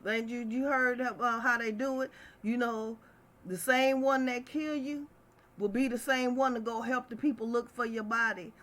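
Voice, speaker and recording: A middle-aged woman hosts a casual live chat, pouring herself into every point with heated passion. Her voice sits high and rings bright and forceful. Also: steady tone, moderate pace. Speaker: livestream host.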